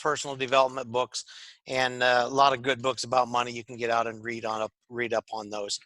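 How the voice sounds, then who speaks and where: A man from Michigan with a Northern US accent and a slightly raspy voice, co-hosting a casual chat and rambling with many fillers. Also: medium pitch, little pitch movement, a little fast, fairly bright tone, no room sound. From Michigan, USA. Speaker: podcast co-host.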